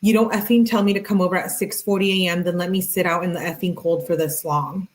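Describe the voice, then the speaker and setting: Speaking fast in a low, fairly even tone, a woman true crime streamer reads texts out loud, cutting in with sarcasm and thanking her chat.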